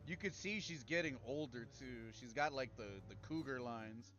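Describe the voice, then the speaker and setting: Male streamer talking over his gameplay, crude and rambling, soft game music underneath. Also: medium pitch, moderate pace, hardly any pauses, lo-fi sound. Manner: crude, rambling, reads game text aloud. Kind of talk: casual gaming commentary.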